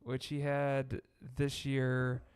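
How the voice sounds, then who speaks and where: A man co-hosting a casual sports podcast, talking in a slow, rambling way with fillers. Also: medium pitch, completely flat delivery, smooth. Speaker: podcast co-host.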